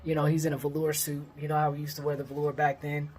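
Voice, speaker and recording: A man in his thirties from the Sacramento area of California, casually telling a personal story with lots of fillers and lively quoted dialogue. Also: on the high side, quick pace. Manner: rambling, heavy on fillers, lively when quoting others. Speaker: vlogger.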